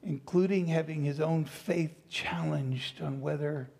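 A man's voice: fairly high pitch, steady tone, unhurried, vocal fry, a little mellow, slightly rough. A man preaching a sermon, reading scripture and then retelling the story with playful acted-out asides. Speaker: pastor.

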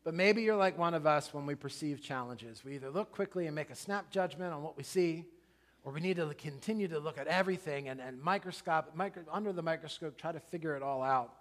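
A middle-aged man preaching a sermon, telling a story in an animated, conversational way with asides to his listeners. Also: a little high, brisk. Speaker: pastor.

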